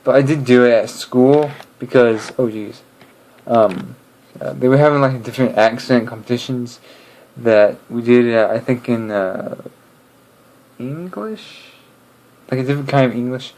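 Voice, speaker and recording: A young man chatting casually to camera, rambling and hesitant, with many pauses and restarts. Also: medium pitch, steady tone, a little mellow, low-quality recording. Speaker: video creator.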